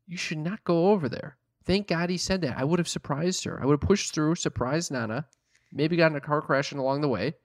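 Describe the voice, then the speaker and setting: A man's voice: a little high, brisk, no room sound, studio quality. A man telling a story in casual chat, swearing a lot, exasperated, mimicking other people in mocking voices. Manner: profane, exasperated storytelling with mocking put-on quotes.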